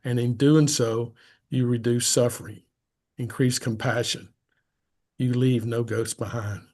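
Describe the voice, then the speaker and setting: Man on a video call, prepared inspirational speech, deliberate and solemn. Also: medium pitch, steady tone, darkish tone.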